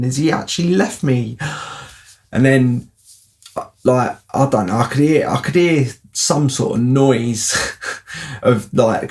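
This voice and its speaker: A man's voice: medium pitch, vocal fry, darkish tone. A man telling a casual, rambling anecdote, often asking "you know what I mean". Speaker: storyteller.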